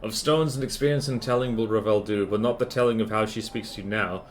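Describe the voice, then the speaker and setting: A man's voice: lowish voice, fast talker, slight background noise, natural voice. A man voicing an ancient, cryptic hag in a put-on Scottish accent, speaking in riddles with twisted word order. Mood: secretive. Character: ancient cackling hag crone, cryptic and possessive.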